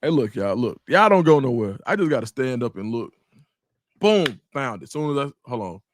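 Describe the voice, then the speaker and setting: A man's voice: mid-range voice, very animated, normal speed, no echo. A man hosting a casual livestream at home, talking loosely and straight to his viewers and greeting the chat by name. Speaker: livestream host.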